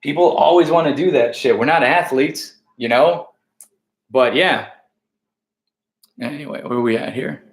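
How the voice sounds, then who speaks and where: Profane, rambling American comedian. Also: male voice, medium pitch, unhurried, pauses often, echoey room. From United States. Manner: profane, animated, rambling with restarts. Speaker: stand-up comedian. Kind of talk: casual backstage interview chat.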